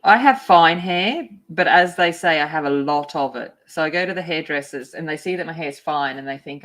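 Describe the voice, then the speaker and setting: A chatty woman talks loosely to her livestream viewers while she colors, her voice sitting a little on the low side. She greets people in the chat by name and gets excitable. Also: normal speed, hardly any pauses. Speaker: art livestream host.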